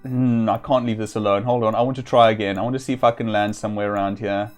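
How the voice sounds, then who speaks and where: A man giving casual let's-play commentary while slightly ill, chatting and reading game text aloud with occasional throat clearing. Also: fairly low pitch, steady tone, fast, soft background music. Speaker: streamer.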